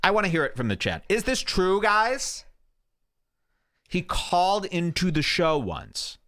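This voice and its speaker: A man's voice: sits high, wildly swooping pitch, measured pace, fairly bright tone. A man hosting a podcast, rambling through casual commentary with crude, sarcastic jokes. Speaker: show host.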